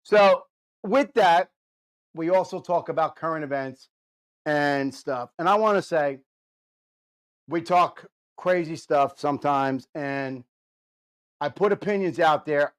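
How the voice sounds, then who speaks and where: A man hosting a radio show, energetic and teasing, rambling through live banter into a studio microphone. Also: on the high side, unhurried.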